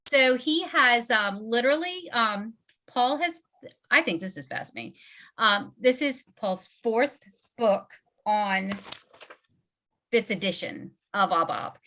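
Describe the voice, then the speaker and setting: A Southern woman hosts a relaxed online book club, chatting loosely with plenty of fillers. Her voice sits fairly high and sounds bright and forceful. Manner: chatty, filler-heavy, laughing often. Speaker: host. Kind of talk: casual webinar hosting.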